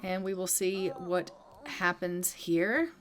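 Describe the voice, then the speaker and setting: A woman casually narrating her life-simulation gameplay step by step, chatty and gentle, now and then voicing her characters in quick asides. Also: fairly low pitch, steady tone. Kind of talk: casual let's-play commentary.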